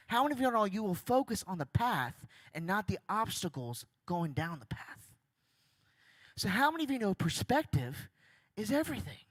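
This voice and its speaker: A young man giving an energetic church talk, chatty and jokey, asking the crowd questions. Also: sits high, moderate pace, no echo. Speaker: guest speaker. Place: church stage.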